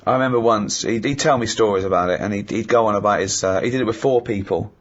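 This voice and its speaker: A middle-aged man telling comic anecdotes in casual chat, animated and laughing as he acts out what people said. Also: on the low side, quick pace, muffled recording. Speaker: comedy podcast host.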